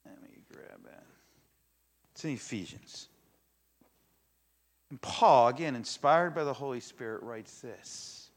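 An older man preaching a sermon to a congregation, telling a story with animated energy and acting out the voices in it. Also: medium pitch, takes it slowly, pauses often. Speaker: pastor. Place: church in front of a congregation.

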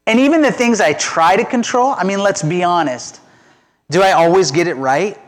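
A middle-aged man giving a conversational, self-deprecating sermon as pastor. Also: a little high.

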